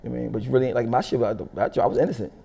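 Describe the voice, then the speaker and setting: Fast-talking gravelly man. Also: mid-range voice. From Philadelphia. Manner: profane, animated storyteller who laughs often. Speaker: interview guest. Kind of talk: casual storytelling interview.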